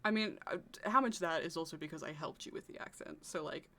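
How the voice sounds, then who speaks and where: An Australian woman from Australia co-hosting a podcast, animated, swearing freely and laughing often. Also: low voice, fast talker. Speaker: podcast co-host, voice actor. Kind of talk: casual chat.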